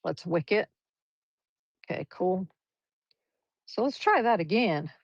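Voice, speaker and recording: This is a woman giving a live painting lesson, her low voice carrying a gravelly edge. She chats and encourages as she explains every stroke. The livestream audio sounds dull and lo-fi, dry with no room echo. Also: lively intonation, slow pace. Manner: chatty, encouraging, talks through each brushstroke. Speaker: art teacher.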